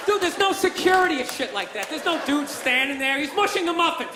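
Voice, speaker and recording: A man's voice: very high voice, very animated, fairly quick. A man doing a stand-up comedy routine on stage, ranting with profanity and acting out other people's voices. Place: theater stage before a live audience. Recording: stage mic with loud crowd laughter and noise.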